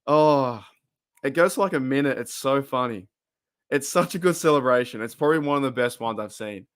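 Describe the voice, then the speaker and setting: An Australian man hosting a podcast from his room alone, chatting in an excitable, rambling way and often laughing. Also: medium pitch, fairly quick, clear, resonant tone. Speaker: podcast host. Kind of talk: casual livestream chat.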